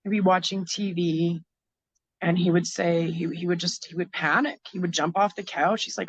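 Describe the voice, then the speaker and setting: A woman's voice: fairly low pitch, steady tone, husky, no room sound, muffled recording. Canadian woman telling her story plainly. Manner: frank, halting, many fillers and restarts. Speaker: guest. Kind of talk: interview, personal story.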